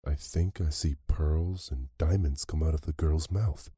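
A man voicing a harsh, scolding mother in a storybook reading, with old-fashioned speech, close to his own deep voice. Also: unhurried, warm tone, husky, no room sound, full character voice. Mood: scheming.

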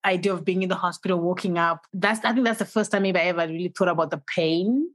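A woman hosting a casual chat, telling her stories in an animated way and acting out her own inner voice. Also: on the low side, fast talker, dry recording. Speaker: host.

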